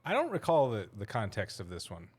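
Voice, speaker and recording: A man's voice: fairly low pitch, huge pitch swings, fairly quick, husky. Dry, sarcastic man on a podcast. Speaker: podcast co-host. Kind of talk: casual podcast chat.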